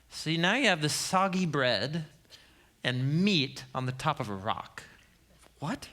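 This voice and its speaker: A male Bible teacher in his thirties delivers a sermon as a humorous storyteller who laughs often. His voice sits a little high, with lively, wide swings in pitch and a bright tone. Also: a little slow.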